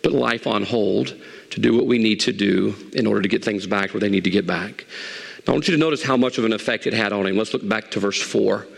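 A middle-aged man preaching a sermon as pastor, animated, swinging from loud emphatic highs to soft asides. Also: fast, vocal fry, breathy edge. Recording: long hall reverb.

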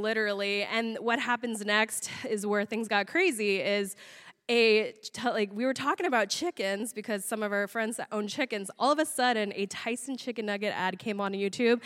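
A young woman with a somewhat high voice tells a funny story from her own life, animated and quick to laugh. She swears freely as she talks. Her voice carries a long, hall-like reverb. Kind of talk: comic storytelling.

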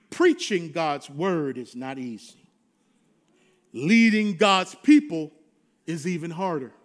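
A man preaching a sermon as a pastor, swinging between shouted declarations and hushed, confiding asides, with a repetitive preaching cadence. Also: high voice.

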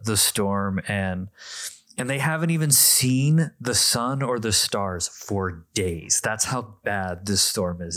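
A man co-hosting a podcast, reflecting on a Bible passage in a measured, thoughtful way. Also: on the low side, a bit bright, no room sound, clean studio sound. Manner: measured, reflective, with frequent restarts. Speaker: podcast co-host. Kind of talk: casual Bible discussion.

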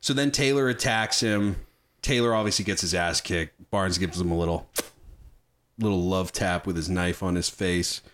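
A man's voice: low voice, normal speed. A man hosting a casual film discussion, talking enthusiastically and swearing freely. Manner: profane, enthusiastic, animated. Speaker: podcast host.

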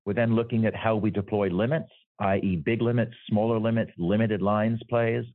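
A man's voice: fairly low pitch, fairly even intonation, normal speed, dry recording. A man working as an insurance executive, explaining his business in an interview and often checking in with "right?". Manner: explanatory, tags points with "right?". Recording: dry, phone-like remote audio.

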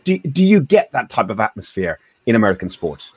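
A man co-hosting a casual football chat, animated and joking with frequent restarts. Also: fairly low pitch, brisk, husky, no echo. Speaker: podcast co-host.

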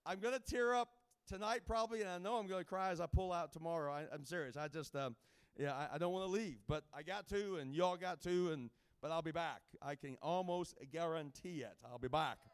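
A man's voice: sits high, a little fast, clean tone. A man speaking as a guest evangelist, giving a jokey, rambling informal sermon to a camp with many restarts.

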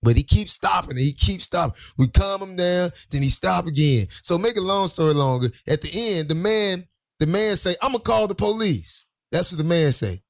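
A man co-hosting a podcast, telling a wild story in casual, profane chat and acting out the quotes loudly. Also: sits high, expressive, normal speed, gravelly. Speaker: podcast co-host.

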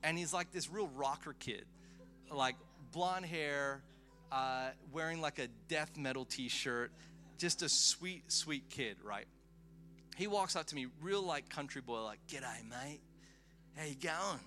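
A man preaching a storytelling sermon to a live congregation, animated and excitable, with chatty asides. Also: a little high, unhurried, faint music behind. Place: live event before a congregation.

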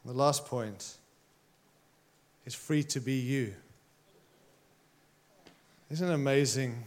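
A man preaching a sermon, emphatic and passionate, challenging his listeners directly. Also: mid-range voice. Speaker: pastor.

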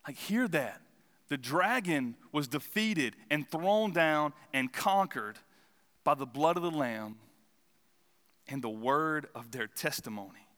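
A man's voice: a little high, animated, takes it slowly, a bit bright. A man preaching a casual sermon, chatty and self-deprecating, telling funny stories between Bible readings. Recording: reverberant hall.

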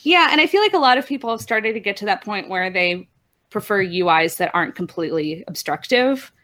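A woman's voice: mid-range voice, lively intonation, a little fast, a bit bright. A woman co-hosting a gaming podcast, chatting casually, often laughing and restarting her sentences. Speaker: podcast co-host. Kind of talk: casual chat.

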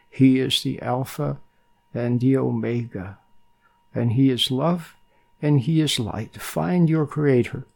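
An older man giving a slow, gentle spiritual talk on meditation, his delivery calm and soothing. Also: a little high, creaky. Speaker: meditation teacher.

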